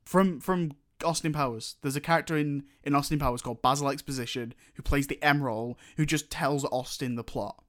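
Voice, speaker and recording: A man's voice: a little high, fairly quick, few pauses, a bit bright. Opinionated man ranting. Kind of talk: casual chat.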